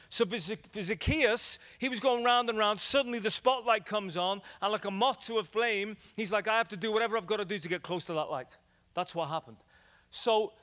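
A man with an Irish accent, an evangelist from Ireland, teaching and telling stories in an animated, repetitive preaching style that rises and drops in loudness. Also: fairly high pitch. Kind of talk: evangelistic teaching talk with storytelling. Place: church hall. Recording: long hall reverb.

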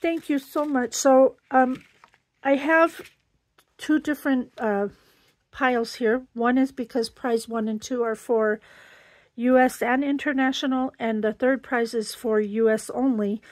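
A woman with a slightly high voice hosts a casual crafting vlog, chatting warmly and exclaiming over each little item she pulls out. Her sound is close and dry, with no room around it. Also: steady tone, unhurried, no echo. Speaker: crafting channel host.

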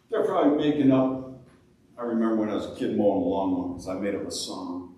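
A man preaching a sermon as pastor, acting out prayers and complaints with a lively, rising voice. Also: fairly low pitch, fairly quick, very echoey, far from the mic, poor audio. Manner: animated, acts out prayers in a raised voice.

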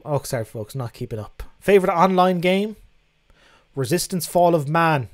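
With a slightly high, expressive voice at a moderate pace, a young livestream host reads his viewers' questions. His casual answers are frank and chatty, sprinkled with swearing.

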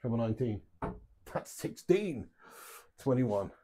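Very animated but measured in pace, a man with a mellow, mid-range voice streams his darts play from home. He reads out viewers' chat, banters and jokes, swearing freely and laughing often.

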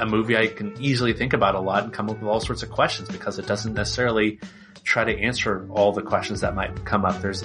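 A man hosting a podcast, chatting in a relaxed, rambling way with plenty of fillers. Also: lowish voice. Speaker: podcast host. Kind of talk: casual chat.

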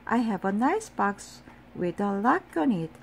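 A woman's voice: mid-range voice, very animated, a little slow, gravelly, slight background noise. A woman voicing a polite, literal-minded housekeeper in a storybook reading, speaking primly and earnestly.

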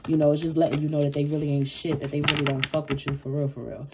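Woman w/ aave doing a tarot reading, low voice, cusses a lot, noisy background. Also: little pitch movement, fast. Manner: blunt, profane, chuckles nervously. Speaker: tarot reader. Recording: audible background noise.

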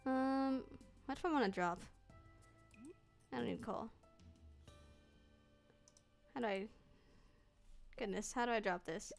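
A woman's voice: fairly high pitch, slow pace, vocal fry, long pauses. A young woman streaming a game, chatting to herself playfully and slipping into mock old-fashioned phrases. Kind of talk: casual gameplay commentary. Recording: faint game music behind.

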